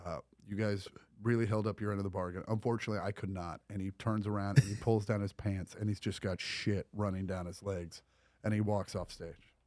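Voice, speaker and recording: A man's voice: on the low side, fairly even intonation, fairly quick, darkish tone. A man who is a comedian, a guest telling wry stories in a laid-back casual chat.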